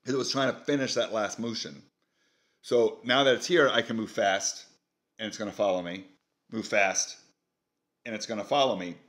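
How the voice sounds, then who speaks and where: A man's voice: on the low side, normal speed, long pauses, a bit bright. A man hosting a casual product demo, easygoing and thinking aloud as he goes. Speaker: product reviewer.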